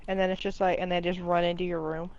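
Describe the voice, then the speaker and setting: A woman's voice: lowish voice, flat delivery, quick pace, darkish tone, highs cut off, slight background noise. A woman hosting a gaming stream, chatting casually in a playful, bickering way with lots of "like"s. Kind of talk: casual chat while gaming.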